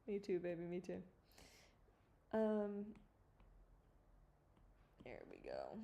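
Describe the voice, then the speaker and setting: Working at her computer in a home studio, an animator streams live while rambling, giggling, and swearing without restraint. Her fairly low voice is mellow with vocal fry, moving slowly and swinging hugely in pitch.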